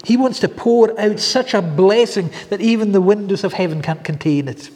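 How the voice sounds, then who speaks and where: A pastor delivers a sermon in church, his darkish-toned voice sitting a bit high for a man, at a moderate pace. He speaks earnestly and repetitively, stacking one phrase on the next, and a long reverb trails every line.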